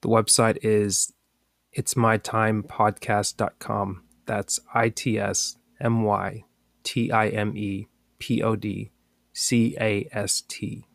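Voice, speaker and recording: A man reads a daily motivational passage at an unhurried pace, his voice sitting a little low. The sound is dry and close, with no room around it. He lingers on key lines and repeats them with care. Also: flat delivery, gravelly, dry recording. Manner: slow, deliberate reading, repeating key lines. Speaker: podcast host.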